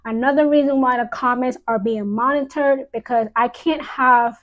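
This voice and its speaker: A woman speaking as a high priestess on a live stream, solemn and deliberate, repeating key phrases for emphasis. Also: steady tone, a bit bright, rough recording. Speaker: witch giving a live-stream talk.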